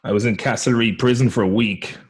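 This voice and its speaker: A man's voice: fairly low pitch, fairly even intonation, a little fast, slightly rough. A man doing a boastful Irish rogue lad. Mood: boasting. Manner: rambling, laughing through it. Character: boastful young Irish small-town rogue.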